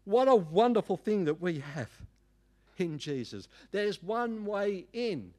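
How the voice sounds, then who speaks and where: A middle-aged man, preaching a sermon in an emphatic, animated way with folksy asides. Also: high voice, slow pace. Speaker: pastor.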